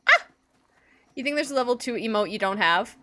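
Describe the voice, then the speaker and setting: A high, bright-voiced woman streaming games live, bouncing all over her range as she gushes to her viewers. She swears freely, squeals and breaks into laughter between lines, all in loose, casual chat. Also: brisk. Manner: excitable, gushing, swears a lot. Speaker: game streamer.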